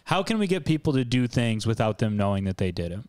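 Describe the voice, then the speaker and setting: A man's voice: mid-range voice, sing-song, quick pace, a little mellow, smooth, no room sound, studio quality. A man co-hosting a podcast in casual chat, teasing and blunt, swearing freely. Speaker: podcast co-host.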